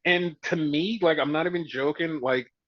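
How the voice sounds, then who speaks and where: A man with a fairly high voice chats through a wrestling recap, swearing freely and acting out what the wrestlers said. The sound is dry and dull, like a lo-fi home recording. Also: moderate pace, dry recording. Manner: profane, animated retelling with mimicked quotes. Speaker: podcast host. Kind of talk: casual wrestling recap chat.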